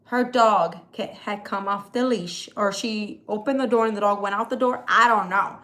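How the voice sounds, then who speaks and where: A woman's voice: medium pitch, normal speed, a bit bright. A woman hosting a casual live vlog from home, telling a story in an exasperated, rambling way. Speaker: creator hosting a live video. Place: at home, hot day.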